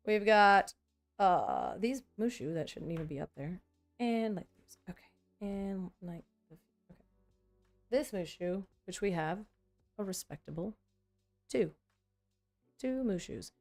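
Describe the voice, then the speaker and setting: Chatty woman rambling while sorting cards. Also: medium pitch. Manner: rambling, self-mocking, quick mock dialogues. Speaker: content creator building a card deck.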